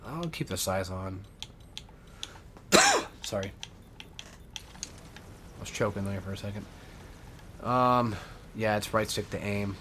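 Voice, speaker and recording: A man's voice: lowish voice, a little slow, long pauses, background noise. A man giving rambling, casual gameplay commentary as a let's player, swearing often and correcting himself as he goes. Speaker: let's play gamer.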